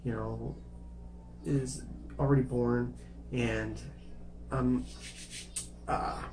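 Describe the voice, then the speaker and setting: A man's voice: medium pitch, steady tone, extremely slow, noisy background. A man telling a personal life story to camera in a casual, rambling way, restarting phrases and apologizing for going off track. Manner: rambling, repeats words, apologizes for veering off. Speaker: vlogger sharing his life story.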